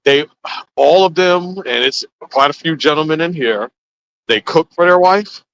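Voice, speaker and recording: A man hosting a casual chat, telling stories with animated swings into quoted voices. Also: on the high side, a little slow, gravelly, a little hiss or hum, rough recording. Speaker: host.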